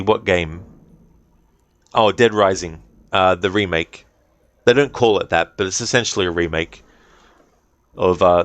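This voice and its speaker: A man's voice: deep voice, fairly bright tone, dry recording. An Australian man chatting casually and rambling in a friendly way with viewers as a game streamer. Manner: rambling, friendly chat with fillers. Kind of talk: casual live-stream chat.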